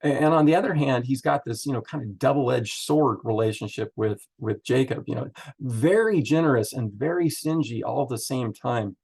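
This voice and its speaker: A man's voice: medium pitch, animated, normal speed, creaky, darkish tone, slightly rough. A man leading a Bible study, chatting through the text in a loose, thinking-aloud way with many fillers. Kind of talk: casual Bible teaching.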